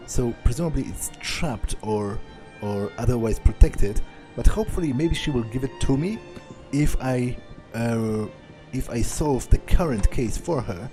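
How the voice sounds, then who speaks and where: A man's voice: medium pitch, animated, measured pace, music in the background. A man hosting a game let's play, reading dialogue aloud and thinking through his choices with many fillers. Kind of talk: gameplay commentary.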